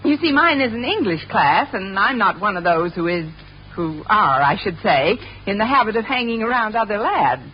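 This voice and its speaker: A woman's voice: medium pitch, sing-song, moderate pace, dull audio. A woman playing a wisecracking schoolteacher in a 1950s radio sitcom, with a playful, flustered manner. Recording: old radio broadcast with live audience laughter and hiss.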